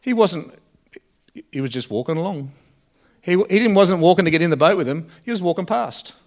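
A man delivers a sermon in an earnest, searching way. His voice sits a touch higher than most men's. He pauses often, and his phrases trail off softly at the ends. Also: lively intonation. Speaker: preacher.

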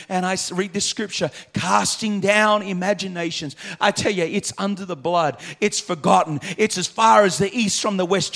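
High-voiced man preaching a sermon. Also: moderate pace, vocal fry, few pauses. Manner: emphatic preaching with rhythmic repetition; swings from quiet, low passages to loud, half-sung climaxes. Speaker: pastor. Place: church.

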